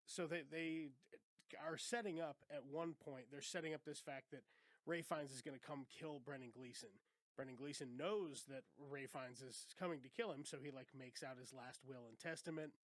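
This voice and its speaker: A man's voice: mid-range voice, dry recording. A man co-hosting a podcast, loosely retelling a film's plot in casual chat and quoting characters as he goes. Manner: loose, swearing, retells scenes with quick quoted voices. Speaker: podcast co-host. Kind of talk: casual movie recap chat.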